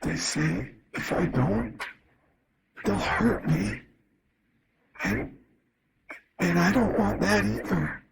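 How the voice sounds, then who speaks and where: A man voicing a monstrous creature that mimics a dead father, speaking in a strangled, hoarse voice with slow, choked pleading. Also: high voice, big pitch swings, crowd noise, pitched above the performer's own voice, heavily acted.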